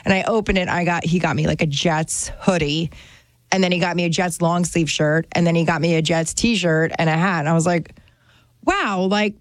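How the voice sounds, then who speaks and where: A woman from New Jersey, chatting casually and excitedly as a regular on a radio talk show, laughing often. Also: lowish voice, a little fast, no room sound.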